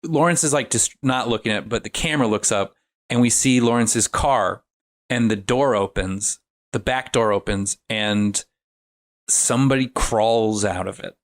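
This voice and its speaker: A man at an ordinary, middle pitch tells a story in easy, casual chat. He rambles, piles on fillers and circles back as he goes. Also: unhurried. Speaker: podcast guest recapping a film.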